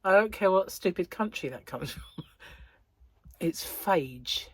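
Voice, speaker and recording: A woman's voice: medium pitch, animated, fairly quick, dry recording. A woman hosting a casual vlog, chatty and rambling, laughing at her own jokes, with a slightly stuffy nose. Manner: chatty, rambling, self-mocking, laughs often. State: stuffy nose, about to sneeze. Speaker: crochet vlogger, host. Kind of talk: casual chat to camera.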